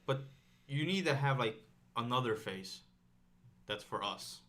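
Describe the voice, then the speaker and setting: A man's voice: mid-range voice, unhurried. A man co-hosting a casual podcast, arguing his points emphatically with many "like"s. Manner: animated, emphatic, lots of "like". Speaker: podcast co-host. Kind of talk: casual chat.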